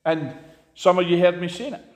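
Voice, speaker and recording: A man preaching an impassioned sermon, swinging between loud emphatic peaks and hushed asides. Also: high voice, normal speed.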